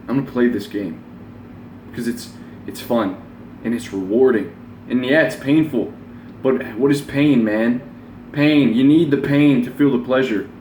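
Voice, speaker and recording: A self-help vlogger in his twenties gives a blunt, rambling motivational monologue, swearing freely. His voice is lowish and darkish with slight background noise, and the mic picks up a roomy echo.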